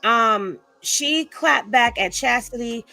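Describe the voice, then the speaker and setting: A woman's voice: fairly high pitch, slow, gravelly, pushed and bright, no echo, soft background music. A woman hosting a casual gossip commentary, chatty and sassy, laughing as she reacts to clips. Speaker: commentary host.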